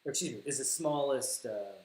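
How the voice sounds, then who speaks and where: A man's voice: medium pitch, a little fast, a little mellow. A man with a Southern US accent teaching algebra on a livestream, thinking aloud, correcting himself and repeating words for emphasis. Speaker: math teacher. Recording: echoey room with faint hiss.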